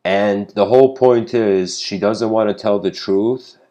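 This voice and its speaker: A man with a very low voice gives a casual spiritual lecture. He tells his story loosely, wandering off, fixing his own slips and filling the gaps with "you know" and "like.". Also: a little slow, mellow, dull audio. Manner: rambling, self-correcting, many fillers.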